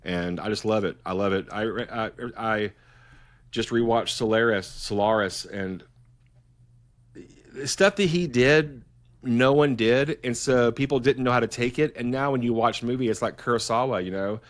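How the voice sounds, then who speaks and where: A man's voice: medium pitch, normal speed. A middle-aged man, a filmmaker talking as a guest in a casual interview, enthusiastic and rambling, often restarting his sentences.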